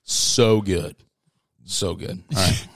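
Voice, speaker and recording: Gravelly-voiced male podcast co-host. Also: sits low, slow, no echo, studio quality. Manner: chatty, laughs often, playful teasing. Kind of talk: casual chat reviewing coffees.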